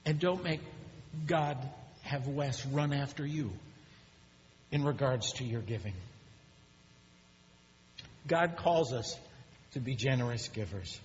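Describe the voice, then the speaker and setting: A male pastor preaches a sermon, telling his stories with animated energy that climbs when excited. His voice rings out with a long reverb in a large church sanctuary. The recording is a little muffled, with a faint hum underneath. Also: slow, long pauses. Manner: animated storytelling, rising pitch when excited.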